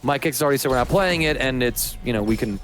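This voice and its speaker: A man's voice: mid-range voice, fast, a bit bright. A man co-commentating a fighting-game tournament, breaking down plays in a chatty, analytical way. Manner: analytical, chatty, laughs easily. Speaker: esports co-commentator.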